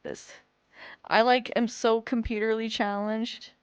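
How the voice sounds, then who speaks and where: A woman's voice: fairly high pitch, little pitch movement, measured pace, clear, resonant tone, no echo, highs cut off. A woman streamer chatting casually with her viewers, giggling often and getting flustered and apologetic. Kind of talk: casual live-stream chat.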